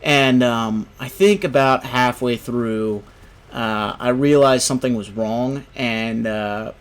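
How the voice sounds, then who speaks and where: A man's voice: mid-range voice, slow pace, clear, resonant tone. Rambling young man telling a story. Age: young adult. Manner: rambling, full of "you know" and "right?". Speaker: gaming video host. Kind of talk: casual storytelling commentary.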